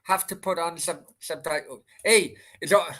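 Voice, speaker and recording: A man's voice: on the high side, normal speed, pushed and bright. A man with a Welsh accent hosting a casual late-night livestream Q&A, rambling and swearing freely as he answers chat. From Wales. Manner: rambling, chatty, sweary, many restarts.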